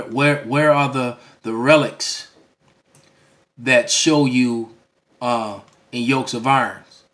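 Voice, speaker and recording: Brief: a religious teacher in an emphatic, preachy lecture; a man with a middle-pitched voice who checks in with "all right?" and restarts phrases. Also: a bit bright. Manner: restarts and stammers mid-phrase.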